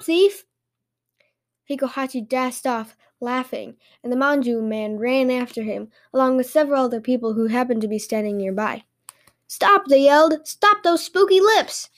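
A woman host reading fairy tales aloud in lively storytelling narration. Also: fairly high pitch.

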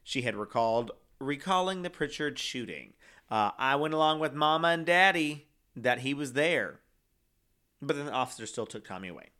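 A man's voice: mid-range voice, animated, normal speed, bright, forceful tone. A young man telling a true-crime story in casual chat, rambling with many fillers and reading quotes aloud. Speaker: co-host.

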